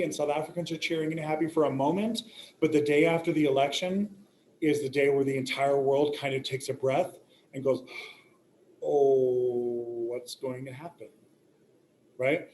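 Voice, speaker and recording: A man's voice: fairly high pitch, a little mellow. A male teacher lecturing a class, joking and checking in with "right?" and "okay?", recorded from a distance in a classroom. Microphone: recording device some distance away. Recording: roomy classroom echo, faint hum.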